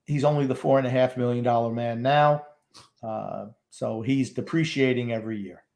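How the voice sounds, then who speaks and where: A man's voice: medium pitch, fairly even intonation, normal speed, vocal fry, darkish tone. A man co-hosting a hockey watchalong podcast, making dry, wry remarks about the game. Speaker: podcast co-host. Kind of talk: casual sports commentary.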